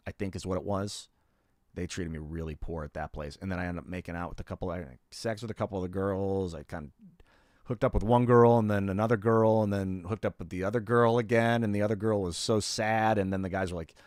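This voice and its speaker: A man's voice: sits low, brisk, no echo, studio quality. A middle-aged man streaming live and telling stories from his life in a loose, rambling way, with lots of fillers and swearing. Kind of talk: casual storytelling on a live stream.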